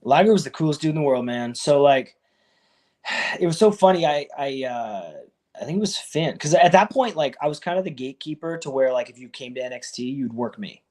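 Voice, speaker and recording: A man in his thirties, a wrestler guest in a casual interview, telling stories with lively quoted back-and-forth. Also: fairly high pitch, a little fast. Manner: animated storyteller, acts out quoted exchanges.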